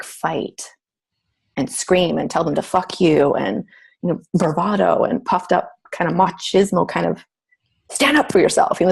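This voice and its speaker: A middle-aged woman tells a personal story in an easy, casual way. Her voice sits a little low and has a gravelly, husky grain. She often slips into quoting her own thoughts aloud. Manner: animated, acts out her own inner voice. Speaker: guest.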